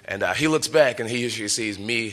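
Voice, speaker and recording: Bright-voiced young man telling a story. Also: mid-range voice, fast. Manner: lively, laughs often, acts out quotes. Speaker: professional fighter. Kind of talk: animated storytelling.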